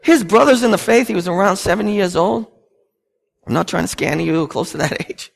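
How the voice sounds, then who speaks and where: A man in his thirties, a pastor preaching a sermon and telling family stories with lively acted-out dialogue. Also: sits high, a little fast, gravelly. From United States. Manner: storytelling, animated, acts out family scenes.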